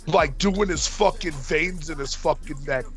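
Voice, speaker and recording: A man with a slightly higher-than-average voice tells a rambling story in casual chat. He swears constantly and jumps into heated quoted back-and-forths, with faint music running underneath. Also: measured pace. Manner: profane, animated storytelling, acts out quoted arguments. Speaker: podcast co-host.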